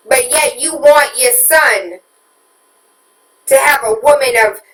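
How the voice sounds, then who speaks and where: A woman's voice: a little high, a bit bright, echoey room, far from the mic, low-quality recording. A woman hosting a talk radio show, preaching at listeners with rhetorical questions and candid confessions about her own parenting.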